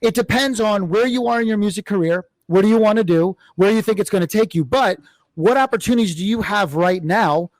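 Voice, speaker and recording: A man with a notably high voice hosts an interview, talking things through quickly and restarting his sentences as he works out his point. The sound is close and completely dry, with no room around it. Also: dry recording. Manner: quick, reasoning aloud, with restarts. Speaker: podcast host. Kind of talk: conversational interview.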